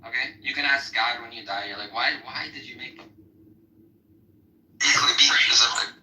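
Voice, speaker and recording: A combative man debating bluntly and swearing freely, his voice bright and sharp. He sounds distant, in a roomy space with faint noise behind him. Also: mid-range voice, fast talker. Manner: combative, blunt and profane, interrupting often. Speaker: debater in an online voice room. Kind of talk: heated debate.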